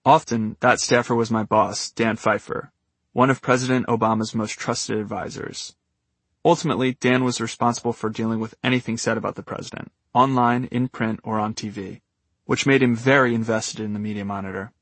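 A man reading his memoir aloud with a wry, dry humor. His voice has a husky grain, and the booth recording sounds close and dead, with no room around it. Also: fairly low pitch, steady tone, fairly quick, a bit bright, dry recording. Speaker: memoir narrator. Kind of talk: audiobook memoir narration.

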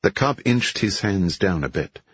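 A man reading a thriller audiobook in a measured, steady way. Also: low-pitched, breathy edge, no room sound, muffled recording. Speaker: audiobook narrator. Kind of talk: scripted narration.

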